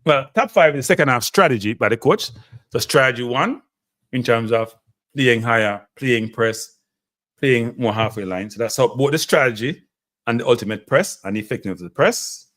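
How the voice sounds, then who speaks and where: A man with a Jamaican accent hosting a live stream, talking football in an excitable, emotive way and laughing often. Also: medium pitch, normal speed.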